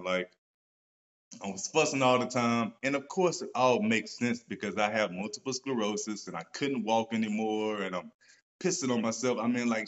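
A man hosting a live stream, talking casually about gratitude, animated and swearing freely as he gets excited. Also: on the low side, lo-fi sound. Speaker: author and host of a live stream. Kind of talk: casual motivational talk. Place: at home, seated in a wheelchair.

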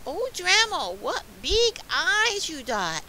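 A woman voicing a timid, wide-eyed little girl in a storybook reading, with a high sing-song way of exclaiming. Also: big pitch swings, a little slow, gravelly, bright, forceful tone, a little hiss or hum, exaggerated voice. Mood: timid wonder.

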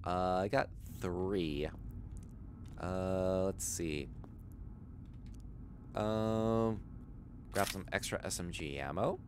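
A low-voiced man hosting a relaxed gaming livestream, speaking slowly and rambling between game actions. His pitch moves a lot as he answers chat and chuckles along, over a faint hiss in the background. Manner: rambling, chuckles often, reads chat aloud. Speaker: streamer.

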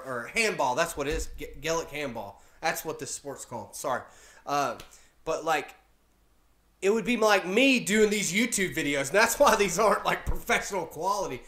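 A chatty, excitable man giving casual reaction commentary at home, laughing often as he talks. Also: on the high side. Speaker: reaction video host. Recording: echoey room with faint music.

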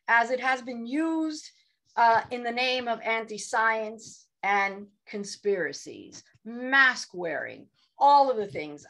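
A woman's voice: fairly high pitch, a bit bright, low-quality recording. Woman lecturing on a panel. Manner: lecturing, frequent "right?" tag questions. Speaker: panelist, social psychologist. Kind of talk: academic panel talk.

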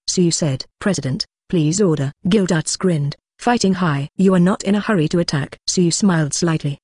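A synthetic narrator voice reading an audiobook in an even manner, speaking punctuation marks aloud as words. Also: medium pitch, slightly rough, dry recording. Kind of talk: machine-read scripted narration.

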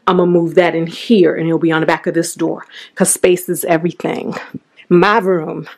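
A woman's voice: deep voice, flat delivery, a little fast, a little mellow. A woman in her thirties filming a casual home vlog, talking straight to her viewers and calling them "y'all" as she walks from room to room. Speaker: vlogger. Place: inside a home, walking between rooms.

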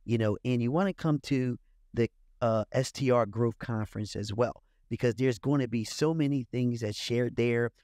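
A man's voice: mid-range voice, normal speed, darkish tone, dry recording, studio quality. A man hosting a podcast, upbeat and repeating his praise as he wraps up the show. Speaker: podcast host. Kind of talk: casual interview.

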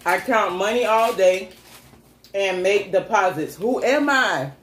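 A woman hosting a casual eating chat, teasing and lively with frequent laughs. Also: mid-range voice, takes it slowly. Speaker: mukbang host. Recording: echoey room with faint noise.

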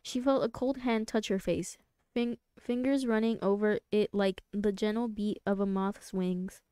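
Smooth, soft-spoken woman reading aloud. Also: mid-range voice, steady tone, unhurried, no room sound. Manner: soft-spoken, stumbles and restarts on words. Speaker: streamer reading a book aloud. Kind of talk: live read-aloud narration.

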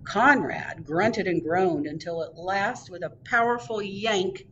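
Slow, expressive woman reading a storybook. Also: medium pitch, recorded from a distance, muffled recording, a little hiss or hum. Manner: expressive, drawn out. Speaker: children's librarian. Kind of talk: reading a picture book aloud.

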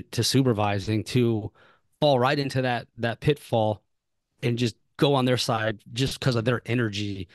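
A man's voice: mid-range voice, no room sound, clean studio sound. A man appearing as a guest on a podcast, talking earnestly and explaining his point with repeated emphasis. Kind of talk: conversational advice.

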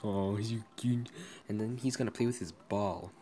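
A woman giving casual gameplay commentary, gushing in baby talk at a virtual pet with sudden squeaky jumps. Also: normal speed, dark tone, slight background noise. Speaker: gaming vlogger.

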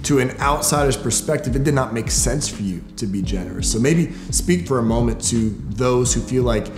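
A man asking interview questions in a calm way with short affirmations. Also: medium pitch, brisk. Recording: echoey room with music bed.

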